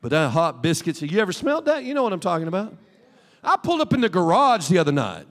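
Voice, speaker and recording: A middle-aged man, the pastor, preaching a Pentecostal sermon in a folksy, animated way with homely asides. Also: high-pitched, quick pace. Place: church sanctuary. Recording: long hall reverb.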